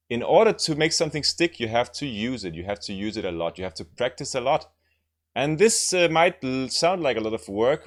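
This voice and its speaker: A man teaching language lessons, explaining grammar and repeating example sentences, often checking in with "right?". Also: mid-range voice.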